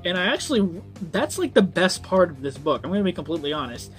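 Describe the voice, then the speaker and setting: A man's voice: sits high, big pitch swings, fast, a bit bright, faint music behind. A young man giving a casual book review, rambling with frequent ums and swearing when worked up.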